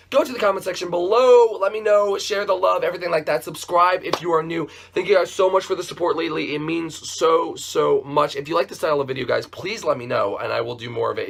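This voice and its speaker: A young man telling a casual story-time vlog as a YouTuber, with animated, jokey delivery. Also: on the high side, creaky.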